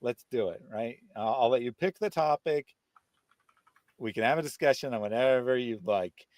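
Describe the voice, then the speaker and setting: A man's voice: mid-range voice, normal speed, darkish tone, no echo. A man hosting a live stream and reading out viewer comments, mocking and combative. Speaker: host.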